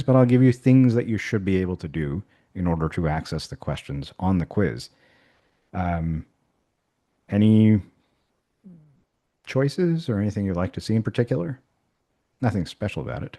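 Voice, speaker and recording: Low-voiced man demoing math software. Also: expressive, moderate pace, pauses often. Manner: casual, thinking aloud with fillers and restarts. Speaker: math instructor. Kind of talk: workshop software demonstration.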